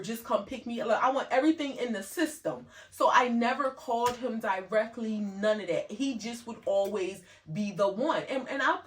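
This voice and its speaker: A woman's voice: a little high, a bit bright, distant mic. A woman co-hosting a podcast, talking candidly in casual chat with lots of fillers. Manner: candid, chatty, many fillers. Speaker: podcast co-host.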